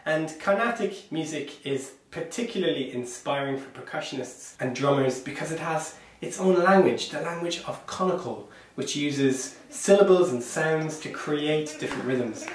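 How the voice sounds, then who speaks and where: Lively, encouraging male percussion teacher. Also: a little high, moderate pace, few pauses. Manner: encouraging, demonstrates rhythm syllables out loud. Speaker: percussion workshop leader. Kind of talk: online workshop instruction. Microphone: small clip-on microphone. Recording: very echoey room, voice sounds distant.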